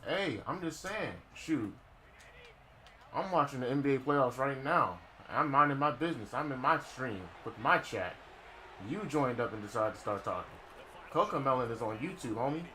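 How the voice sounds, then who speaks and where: A man's voice: medium pitch, expressive, normal speed, bright, forceful tone. A young man streaming a football game, talking casually to his chat in a slangy, mocking way. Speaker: gaming streamer. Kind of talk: casual live-stream talk. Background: game crowd noise.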